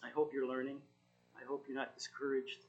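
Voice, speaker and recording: A man giving an informal sermon, reading scripture and encouraging his listeners in an earnest, halting way with frequent self-corrections. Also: medium pitch, completely flat delivery, lo-fi sound. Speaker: Bible study teacher.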